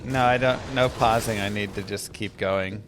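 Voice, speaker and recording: A man's voice: lowish voice, fairly even intonation, normal speed, fairly bright tone, slight background noise. A man streaming a game live, laughing at an AI assistant and pushing it impatiently to do what he asks. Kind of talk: live gameplay stream chat. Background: game music.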